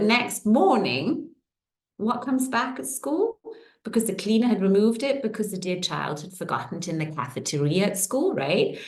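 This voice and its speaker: A middle-aged woman tells stories to her online group in a casual, animated way. Her pitch swings widely as she talks. The room around her gives the voice a clear echo. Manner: lively storytelling with quick pitch jumps. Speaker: coach.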